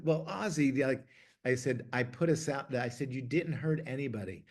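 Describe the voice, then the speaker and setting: A middle-aged man from Ohio, a TV producer, telling stories in a casual, chatty way, full of fillers and restarts, getting lively when he quotes others. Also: medium pitch, moderate pace, breathy edge. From Ohio, USA. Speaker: TV producer interviewee. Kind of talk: casual anecdotal storytelling.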